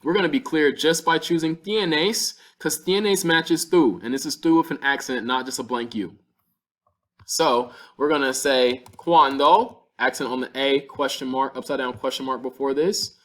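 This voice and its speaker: A man's voice: medium pitch, a bit bright. Patient male Spanish teacher. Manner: patient, step-by-step explaining with slowed-down Spanish examples. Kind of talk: classroom-style language lesson.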